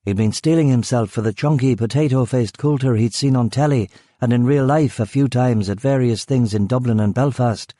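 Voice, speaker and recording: A man reading a crime thriller audiobook in measured scripted narration. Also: medium pitch, mellow, no echo.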